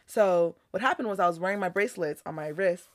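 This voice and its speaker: A young woman from Houston with a Houston accent, co-hosting a podcast and telling stories in a lively, swearing, casual way. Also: on the low side, fast talker, dry recording. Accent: Houston, Texas. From Houston, Texas. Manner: animated, swears freely, mimics people in her stories. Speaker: podcast co-host. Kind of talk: casual storytelling chat.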